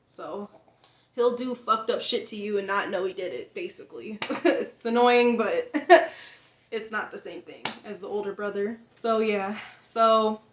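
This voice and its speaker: A woman's voice: mid-range voice, a little slow, reverberant, slight background noise. A woman vlogger telling a personal story in a casual, rambling way, full of fillers, restarts and frequent laughs.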